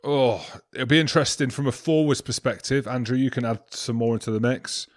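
A male podcast host with an easy, jokey manner, teasing his co-host and laughing as he talks. The voice sits at a middling pitch. The sound is dry and close, with no room echo. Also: brisk. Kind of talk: casual banter.

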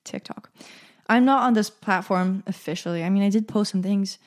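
Young woman, solo podcast host, chatty, jokey, laughs often, average pitch. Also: brisk. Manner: chatty and self-amused, laughs at own jokes. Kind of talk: casual solo podcast monologue.

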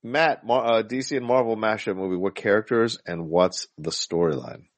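A man hosting a podcast in casual chat, relaxed, swearing offhandedly and trailing off with fillers. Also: lowish voice, normal speed, dry recording. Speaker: podcast host.

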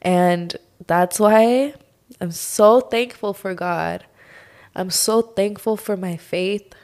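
A young woman hosting her own podcast, talking through a personal struggle in a slow, heartfelt monologue full of sighs and "like". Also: medium pitch, darkish tone. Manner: slow, sighing, heartfelt, says "like" often. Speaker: podcast host.

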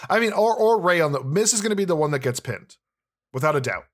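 A man in casual podcast chat who sounds easygoing and agreeable. His voice sits a little higher than most men's, and he often restarts his sentences as he talks. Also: lively intonation, fast. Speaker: wrestling podcast co-host.

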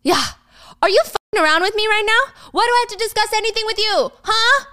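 A spoiled, hot-headed young husband, as a woman puts him on in a raised, high voice. He boasts with smug confidence and lashes out at once. The sound is dry and close. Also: expressive, normal speed, fairly bright tone, no echo. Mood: snapping. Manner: smug then snapping.

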